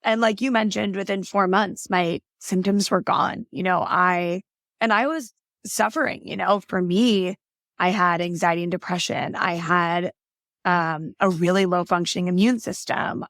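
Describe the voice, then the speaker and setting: In a casual interview, a functional health practitioner shares her story, earnest and chatty, sprinkling in "like" and "right?". Her voice is on the low side and a bit bright, captured at studio quality with no room sound.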